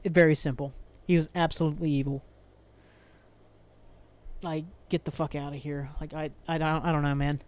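A man's voice: on the high side, flat delivery, moderate pace, long pauses, clean tone. A young man hosting a solo podcast, ranting angrily and profanely with frequent sighs and restarts. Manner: angry, profane, rambling rant with sighs. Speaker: podcast host.

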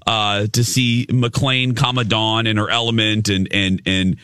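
A male radio host chatting on air, telling a story in an animated, rambling way with lots of restarts. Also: lowish voice, unhurried, smooth, dry recording, studio quality. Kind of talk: casual on-air chat.

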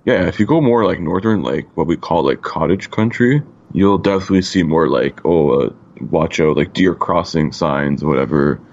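A man's voice: low voice, normal speed, few pauses, darkish tone, muffled recording. A laid-back man from Canada co-hosting a casual podcast, swearing freely and filling his talk with "like.". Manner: laid-back, swears a lot, lots of "like" fillers. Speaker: podcast co-host.

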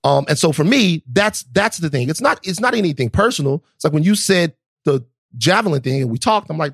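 A man's voice: a little high, lively intonation, fairly quick, creaky, dry recording, studio quality. A man hosting a podcast, talking in a blunt, slangy, teasing way. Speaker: podcast host. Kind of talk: casual chat.

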